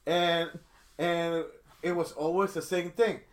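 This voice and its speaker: A man's voice: fairly high pitch, little pitch movement, slow pace. A middle-aged man telling a long story in casual chat, rambling with many restarts. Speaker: storyteller guest.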